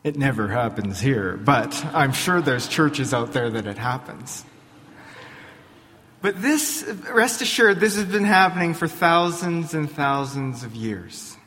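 A man pastor preaching a sermon in a church, deliberate, posing rhetorical questions to his congregation. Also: mid-range voice, lively intonation, fairly bright tone, in a large hall.

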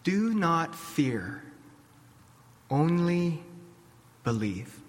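A gentle, compassionate male healer, as a preacher puts him on. He speaks softly and slowly, with a long echo hanging after each word. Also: on the high side, sing-song, heavily acted. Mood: tender.

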